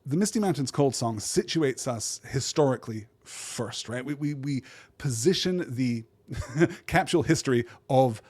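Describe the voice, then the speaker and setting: A man with a voice of ordinary pitch hosts a literary podcast. He thinks aloud in a digressive way, restarts phrases and keeps asking "right?" as he works through his points. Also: lively intonation, a little mellow, husky. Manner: reads verse aloud in measured cadence. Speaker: podcast host.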